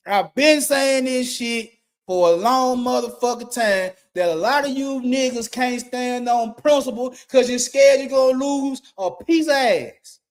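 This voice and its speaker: A man's voice: very high-pitched, normal speed. A middle-aged man, a YouTube commentator giving a blunt, profane rant and repeating his points for emphasis. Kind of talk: ranting monologue.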